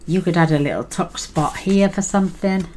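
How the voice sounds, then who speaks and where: A woman's voice: lowish voice, moderate pace, a little mellow, a little hiss or hum. A middle-aged woman chatting casually as she walks through a craft project, rambling and thinking aloud with fillers. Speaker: crafting channel host. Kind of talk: casual craft tutorial chat.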